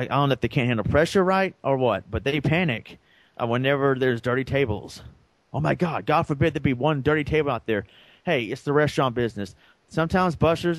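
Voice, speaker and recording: A man with a middle-pitched voice tells a long story on a podcast, casual and rambling. He acts out what other people said as he goes. The recording is close and dry, with no room sound. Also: dry recording. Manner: rambling, acts out quoted dialogue. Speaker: podcast co-host.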